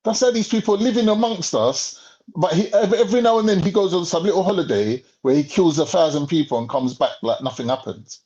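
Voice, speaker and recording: A man's voice: high voice, a little fast, warm tone. A man ranting in casual, profane podcast talk. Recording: slightly muffled lo-fi audio.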